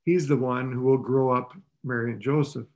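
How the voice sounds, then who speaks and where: A man's voice: steady tone, normal speed, darkish tone. A man preaching a sermon in a conversational way, asking the listeners rhetorical questions. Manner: voices the characters' lines with rising pitch.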